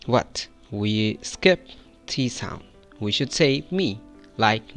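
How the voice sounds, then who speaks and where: A man from Pakistan with a Pakistani accent teaches English pronunciation, drawing out model words so the listener can repeat them. His voice is medium-pitched, expressive and a little bright, with faint music in the background.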